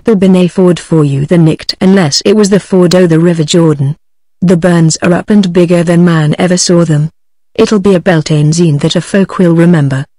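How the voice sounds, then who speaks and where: A synthetic British English woman's voice reading the lines of a stern old male Scottish shepherd in a storybook, in a flat delivery. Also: fairly low pitch, moderate pace, dry recording, lightly acted. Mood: warning.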